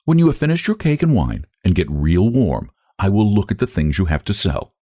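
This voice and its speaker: A soft-hearted, careful older woman, as a male narrator puts her on, talking in a gentle, coaxing way that stiffens into defiance when challenged. Her voice sits a little higher than his own deep tone and swings a lot. It sounds close and dry, like a storybook reading. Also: wildly swooping pitch, normal speed, vocal fry, no room sound, full character voice. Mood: kind.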